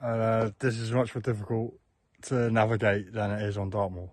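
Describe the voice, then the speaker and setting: A man from south-west England keeps a rambling, halting hiking diary outdoors, full of fillers and restarts. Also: lowish voice, level tone, dry recording, low-quality recording. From Plymouth, south-west England. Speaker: hiker and vlogger. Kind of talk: casual spoken hiking diary. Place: outdoors on open moorland and in woodland. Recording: outdoor camera audio with wind noise.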